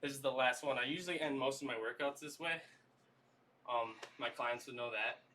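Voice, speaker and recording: A man leading a livestream workout, coaching stretches in a relaxed, chatty way. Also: mid-range voice, normal speed, far from the mic, slight background noise. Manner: easygoing, coaching with lots of "y'all" and "okay?". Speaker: fitness trainer.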